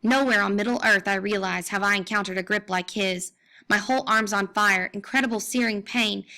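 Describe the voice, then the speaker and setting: A woman's voice: mid-range voice, fairly even intonation, brisk, bright, forceful tone. A young adult woman reading a first-person story aloud, intense and rising to anguished cries at moments of pain. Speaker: audiobook reader. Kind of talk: dramatic first-person narration.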